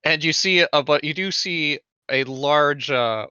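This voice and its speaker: Bright, crisp-voiced man running a game. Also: on the high side, unhurried, no echo, muffled recording. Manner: loose, laughing, crude narration with many fillers. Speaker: game master. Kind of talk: narrating a tabletop game.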